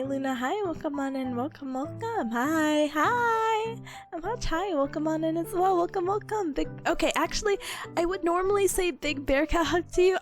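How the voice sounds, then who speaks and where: A young woman streamer chatting casually with a hoarse, sick voice, bubbly and giggly as she greets viewers. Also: sits high. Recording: faint music in the background.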